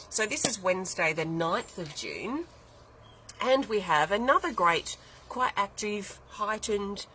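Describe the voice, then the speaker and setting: A woman's voice: medium pitch, pushed and bright, slight background noise, low-quality recording. A woman giving a weekly spiritual oracle card reading, talking in a flowing way that repeats and lists words as she thinks aloud. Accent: non-American English accent.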